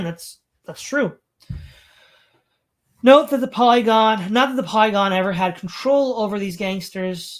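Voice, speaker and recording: A stream host with a mid-pitched voice, reading long passages aloud from a home mic. The reading is broken up by sarcastic commentary and asides.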